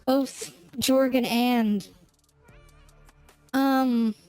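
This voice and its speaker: A woman's voice: fairly high pitch, fairly even intonation, extremely slow, mellow, smooth, no room sound, soft background music, rough recording. A woman streamer chatting casually while she plays, rambling and searching for words as she goes. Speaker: gaming streamer. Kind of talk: casual chat while playing a game.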